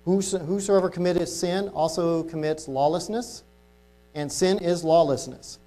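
A man preaching an informal sermon to a congregation, talking casually and reading Bible verses slowly and deliberately. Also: fairly high pitch, warm tone. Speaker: lay preacher.

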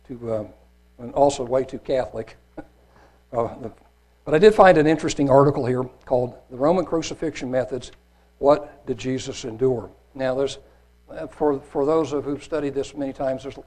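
A man's voice: medium pitch, darkish tone. A middle-aged man who teaches the Bible, reading scripture aloud in an earnest way and then commenting with many fillers and restarts.

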